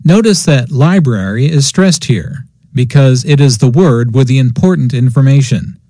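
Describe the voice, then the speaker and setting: A man explaining English usage in a scripted language lesson, slow and deliberate. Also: mid-range voice, animated, mellow, dry recording, clean studio sound. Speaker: English teacher.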